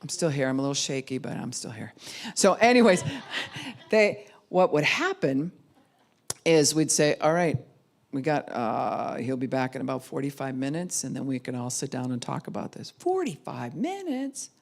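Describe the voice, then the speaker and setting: A woman's voice: extremely low pitch, moderate pace, creaky. A middle-aged woman pastor giving a conversational sermon, acting out the people she quotes. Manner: conversational, acts out quoted voices. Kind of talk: sermon teaching.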